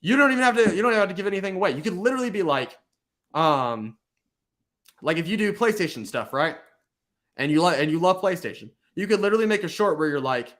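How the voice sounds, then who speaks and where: A man's voice: fairly high pitch, quick pace. A man hosting a casual chat, giving rambling advice full of fillers and restarts. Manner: rambling, filler-heavy, animated. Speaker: YouTube host giving channel advice.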